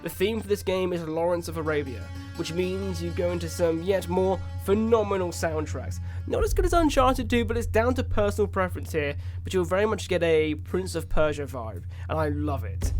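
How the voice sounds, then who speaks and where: A man narrating a video game review with excitable, animated reactions. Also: high voice.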